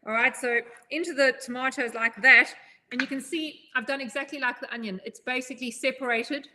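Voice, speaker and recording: A woman's voice: sits high, fairly even intonation, a little fast, bright, forceful tone, slight background noise. A woman chef giving a chatty, upbeat live knife-skills demonstration, joking at her own expense as she goes. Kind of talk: live cooking demo.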